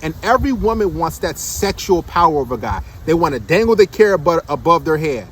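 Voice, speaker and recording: Guy with a high voice ranting about dating, blunt, keeps asking "right?", faint traffic hum behind. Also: big pitch swings, fairly quick. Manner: blunt, emphatic, rhetorical questions. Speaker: dating commentator. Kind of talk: casual monologue commentary.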